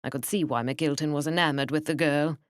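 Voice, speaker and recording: A woman narrating a mystery audiobook in a measured, wry manner. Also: sits low, fairly even intonation, no echo, studio quality. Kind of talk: scripted narration.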